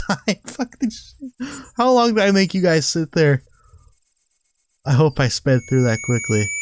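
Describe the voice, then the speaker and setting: A man's voice: mid-range voice, slight background noise, low-quality recording. A man playing a story game, reading its text aloud and breaking in with profane, mocking commentary. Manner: profane, swears often and mocks the characters. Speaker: let's play gamer.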